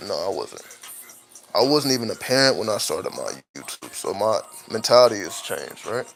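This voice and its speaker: A man's voice: lowish voice, very animated, moderate pace, gravelly, a bit bright, rough recording. A man hosting a late-night talk show, musing openly as a father in a loose, profane monologue that keeps checking in with "right?". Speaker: podcast host.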